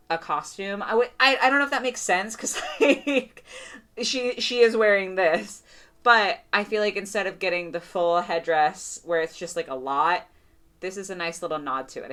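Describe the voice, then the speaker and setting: A young woman giving a casual, gushing doll review, full of fillers and excited praise. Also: mid-range voice. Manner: gushing, chatty, lots of "like" fillers.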